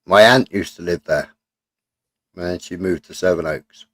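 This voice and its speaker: A man chats casually, jokey and full of swearing. His voice sits fairly low. The sound is dry and close, with no room echo. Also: a little slow, a bit bright. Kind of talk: casual banter with chat.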